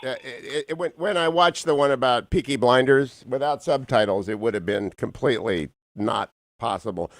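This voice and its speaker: A man's voice: medium pitch, normal speed, hardly any pauses, no room sound. A man hosting a radio talk show, bantering in a jovial, teasing way with a guest. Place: radio studio.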